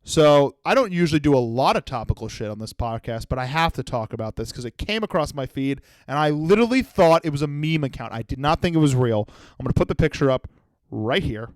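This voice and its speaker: A man's voice: on the high side, animated, fairly quick, no room sound. A man in his twenties hosting a solo comedy podcast, telling rambling, profane stories. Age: 20s. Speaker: podcast host.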